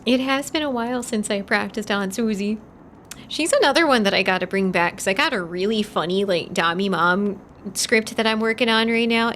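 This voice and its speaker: A woman's voice: medium pitch, moderate pace, fairly bright tone, a little hiss or hum. A woman from Texas with a Texan accent, reading a horror story on a live stream, chatty and laughing, tripping over hard words and repeating them.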